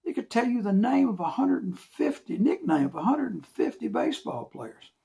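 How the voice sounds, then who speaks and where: A man's voice: high-pitched, very animated, moderate pace, creaky, mellow, voice pushed up, heavily acted. A man voicing an upset older man who pleads with his friend in a raised, agitated voice. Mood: exasperated.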